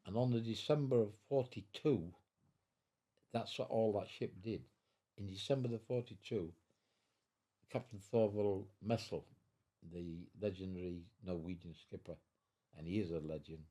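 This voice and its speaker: This warm, somewhat low male voice belongs to a veteran in his nineties recounting his life story during an at-home interview. He moves at a moderate pace with frequent pauses, rambling, repeating, restarting, and chuckling along the way.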